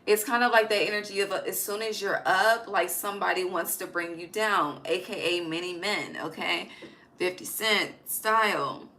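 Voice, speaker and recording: A woman's voice: mid-range voice, moderate pace, pushed and bright, slight background noise, poor audio. A woman giving a casual, emphatic tarot reading, swearing freely and dropping slangy asides. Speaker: tarot reader. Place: home at night.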